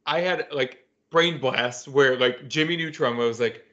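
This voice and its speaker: A man's voice: mid-range voice, unhurried, bright, forceful tone, highs cut off. A man co-hosting a podcast, chatting casually and telling a story against himself. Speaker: podcast co-host. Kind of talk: casual chat.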